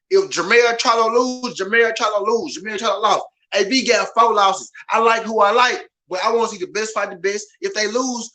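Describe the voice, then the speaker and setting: Loud, ranting man with a bright, high voice. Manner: loud, passionate, profane, repetitive. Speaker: boxing podcast host. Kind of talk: animated ranting commentary.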